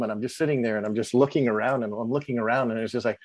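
A man telling his own life story as a podcast guest, halting and earnest, with many pauses and restarts. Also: medium pitch, steady tone, darkish tone, no echo. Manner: halting, with many ums and self-corrections. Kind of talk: emotional personal storytelling.

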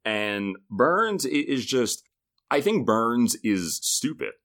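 A man of medium pitch with a slightly bright voice and wide swings in intonation co-hosts a podcast. He recaps episodes in casual, joking chat, tossing in quick impressions of people.

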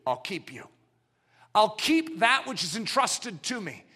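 A middle-aged man preaching a sermon, swinging from loud declarations down to hushed, low passages. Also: big pitch swings, a little slow, slightly rough.

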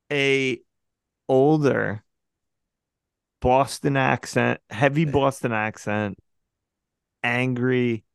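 A man's voice: medium pitch, gravelly, clean tone, no echo, studio quality. A man hosting a casual movie podcast, laid-back with crude jokes. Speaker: podcast host. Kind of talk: casual chat.

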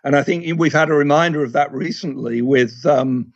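A man speaking as a guest in a casual economics discussion, measured and hesitant, with frequent fillers. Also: a little high, no echo, dull audio.

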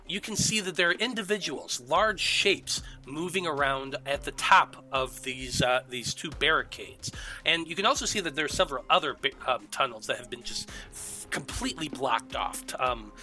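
Bright-voiced man running a tabletop game. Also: a little high. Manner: halting, many ums and restarts. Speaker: game master. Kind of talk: narrating a tabletop game over voice chat.

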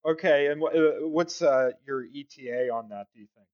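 A man speaking in character at a tabletop game, with slow, halting radio-operator talk. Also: a little high, clean tone. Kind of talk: in-character tabletop role-play. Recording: dull lo-fi sound.

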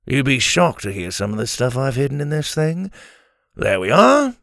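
A man voicing a young, hasty adventurer in a storybook read-aloud, speaking in a defensive, hurried way. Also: mid-range voice, big pitch swings, vocal fry, fairly bright tone, no echo, studio quality.

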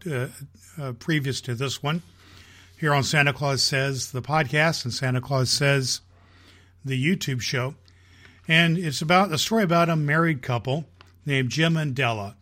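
Jolly slow-talking man as Santa. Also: a little high, a bit bright. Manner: jolly, slow and folksy with filler restarts. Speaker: podcast host playing Santa Claus. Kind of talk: storytelling reading aloud.

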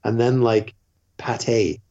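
A man's voice: mid-range voice, little pitch movement, slow pace, mellow, lo-fi sound. A man guest telling a long story in a casual, rambling way, full of fillers. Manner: rambling, filler-heavy with frequent "like".

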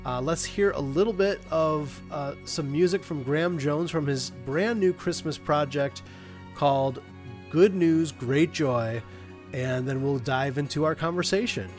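A man's voice: fairly high pitch, unhurried, faint music behind. A man hosting a podcast from his home studio, his voice nasal and congested from being ill. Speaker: podcast host.

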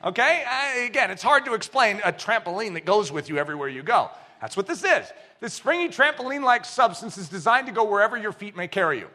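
A man preaching a sermon as pastor, swinging between loud bursts and hushed low lines. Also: very animated, fast, few pauses.

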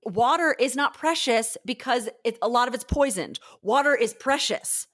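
A woman's voice: a little high, lively intonation, moderate pace, a bit bright, dry recording. Effusive woman speaking close and dry. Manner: effusive and heartfelt, repeats phrases for emphasis. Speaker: podcast guest. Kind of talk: casual spiritual conversation.

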